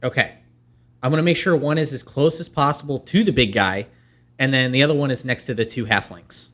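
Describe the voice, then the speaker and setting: A man takes part in a casual tabletop game. His voice sits in a middle register. He plans his turn out loud and reads out the rules as he goes. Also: mid-range voice, fairly quick. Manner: thinks aloud, reads out spell rules. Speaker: player. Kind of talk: casual tabletop role-play chat.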